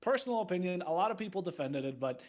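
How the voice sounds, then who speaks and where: A man's voice: sits high, expressive, fast. A young man, an esports caster, chatting casually and playfully as a guest, laughing as he talks. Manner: laughs often while talking, playful. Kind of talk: casual chat.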